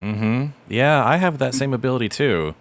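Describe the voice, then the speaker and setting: A man playing a tabletop role-playing game, speaking in a wry, deliberate way. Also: medium pitch, expressive, slight background noise. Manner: wry, deliberate, thinking aloud. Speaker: player.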